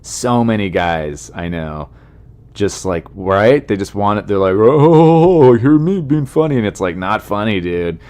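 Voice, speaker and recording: A man's voice: low voice, unhurried, clean tone. A man, a comedian hosting his podcast, chatting casually in a rambling, self-deprecating way with asides to his listeners.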